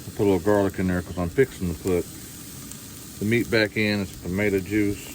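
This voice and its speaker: A man's voice: sits low, fairly even intonation, brisk. A middle-aged man with a Southern US accent chatting folksily to a nearby camera as he cooks at a winter campsite, with outdoor noise and a sizzling pan. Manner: folksy, chatty, talks while cooking. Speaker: outdoor vlogger. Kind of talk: casual cooking chat to camera. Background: outdoor ambience and frying food.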